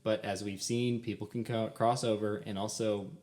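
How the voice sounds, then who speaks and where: A man's voice: lowish voice, level tone, normal speed, darkish tone. A young man co-hosting a casual podcast about a film. He talks eagerly with many "um"s and laughs often. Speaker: podcast co-host.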